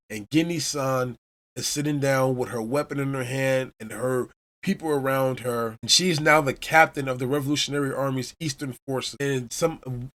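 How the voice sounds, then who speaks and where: A man's voice: medium pitch, a bit bright. Enthusiastic man recapping a story. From Chicago, USA. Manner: enthusiastic storyteller retelling scenes. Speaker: podcast host. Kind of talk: casual manga chapter recap.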